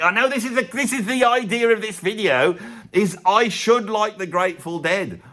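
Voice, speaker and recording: A man's voice: sits high, normal speed, bright, forceful tone. A man in his fifties with an English accent, ranting sarcastically in a ranking video. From Britain. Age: 50s. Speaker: music YouTuber.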